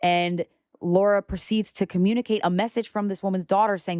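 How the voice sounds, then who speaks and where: A young woman talking as a podcast guest, animated and outspoken, with casual swearing. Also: medium pitch, fairly quick, no room sound, clean studio sound. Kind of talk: casual conversation.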